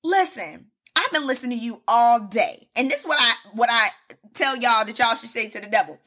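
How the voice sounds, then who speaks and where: A woman hosts a solo faith podcast and preaches with fervent, repetitive emphasis, calling her listeners "baby" and "y'all". Her voice sits somewhat high. It has a bright, forceful edge. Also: lively intonation, fairly quick. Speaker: podcast host.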